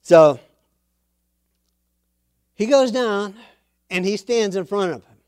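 A man delivers a sermon in a high, bright-toned voice that rises as he acts out the characters. The sound is dry and close. He tells the story with animated, building energy. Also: takes it slowly, smooth, dry recording. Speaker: preacher.

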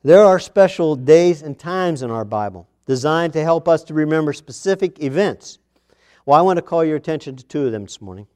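A male pastor preaching a morning sermon, reading scripture aloud with emphasis and swinging between loud declarations and hushed asides. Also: fairly high pitch, animated, fairly quick.

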